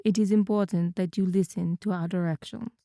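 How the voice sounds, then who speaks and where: A woman voicing a stern male French sous chef with a deep, formal, pointed manner in an audiobook. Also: steady tone, brisk, dark tone, dry recording, studio quality, lightly acted. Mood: stern, challenging. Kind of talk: audiobook character voice.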